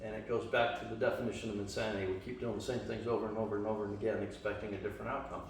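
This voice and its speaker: Leading a church study group in a meeting room, a man from Las Vegas in the western US rambles casually, full of fillers and restarts. His fairly low voice stays level while racing along. The mic is distant, the room echoes, and there's a faint hum.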